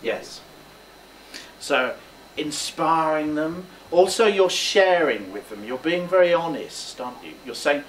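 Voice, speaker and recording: A man's voice: on the high side, lively intonation, a little slow. A male drama teacher coaching a student through a speech, encouraging him and demonstrating lines aloud. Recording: roomy, distant mic, faint background noise.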